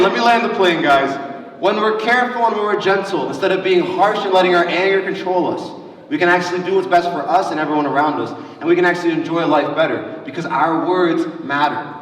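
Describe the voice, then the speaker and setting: A man teaches a church lesson to a room of kids, bringing his stories to life by acting out each quote. His voice sits a little high for a man. The sound reaches the mic from a distance, with a long echo from a big hall. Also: fast talker. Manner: energetic, storytelling with acted-out quotes. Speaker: youth pastor. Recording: roomy hall heard from a distance.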